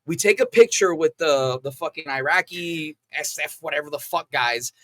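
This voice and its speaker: A man telling stories from his army days in a casual, profane way, acting out the loud lines he quotes. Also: on the high side, moderate pace, no room sound. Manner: animated, acts out yelled quotes. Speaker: veteran telling war stories.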